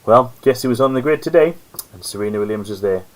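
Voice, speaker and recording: A man's voice: medium pitch, animated, quick pace, poor audio. A man hosting a live-stream alone, chatting casually in a rambling, self-mocking way. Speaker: host. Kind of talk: solo live-stream commentary chat.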